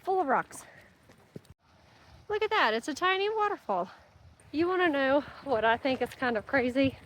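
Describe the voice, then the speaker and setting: A woman's voice: high voice, sing-song, moderate pace, fairly bright tone, a little hiss or hum. A young woman narrating her hiking vlog outdoors on a mountain trail, chatting upbeat to viewers and her dog. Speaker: vlogger.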